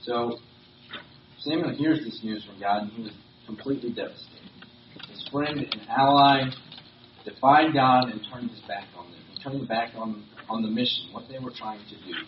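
A man preaching a sermon in a relaxed, conversational manner, often restarting his sentences and filling pauses. He is picked up from a distance in a reverberant hall. The recording is dull and lo-fi, with a faint hiss underneath. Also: mid-range voice. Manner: conversational with frequent fillers and restarts. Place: church or meeting hall.

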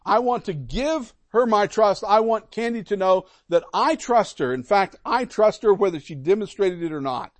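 A middle-aged pastor delivers an emphatic sermon, leaning on repetition to drive points home. His voice sits high and swoops widely up and down. The sound is dry and close. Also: animated, normal speed, hardly any pauses, no room sound.

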